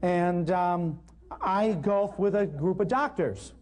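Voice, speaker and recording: A man's voice: high voice, slow, darkish tone. A man giving a natural healing talk to a live audience, telling humorous, self-deprecating stories.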